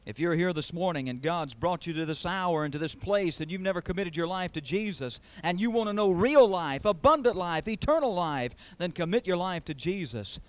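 A man preaching a sermon with a fairly high voice. He presses his points hard, stacking repeated phrases as he builds. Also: lively intonation, moderate pace, hardly any pauses. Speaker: pastor.

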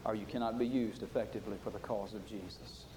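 A man preaching a sermon with passion, swinging from loud to hushed. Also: fairly low pitch, steady tone, quick pace, noisy background.

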